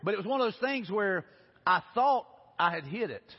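Preacher guy, bit high and husky, folksy storyteller, big echoey church, dull lo-fi sound. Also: animated, normal speed. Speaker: pastor. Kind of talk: sermon. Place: church sanctuary. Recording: lo-fi recording with long hall reverb.

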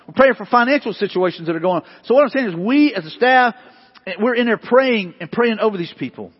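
A man's voice: high-pitched, lively intonation, fairly quick, husky. A man preaching a sermon as pastor, earnest and emphatic, repeating his points. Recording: dull sound with long hall reverb.

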